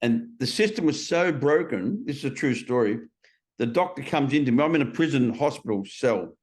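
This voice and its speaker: A man's voice: medium pitch, expressive, moderate pace, a little mellow. A man in his sixties with an Australian accent, a podcast guest telling vivid stories in a blunt, slangy way. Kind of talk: conversational storytelling.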